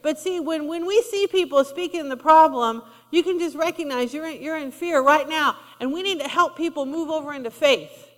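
A woman's voice: sits high, moderate pace, hardly any pauses. A woman preaching a sermon in a conversational style, acting out quotes as she goes. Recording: long reverb of a large hall.

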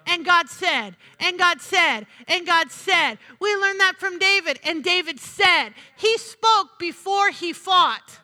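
A woman's voice: very high voice, lively intonation, slow, few pauses, sharp tone. A woman preaching a sermon in a church, emphatic, repeating her phrases and asking the congregation "Amen?". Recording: long hall reverb.

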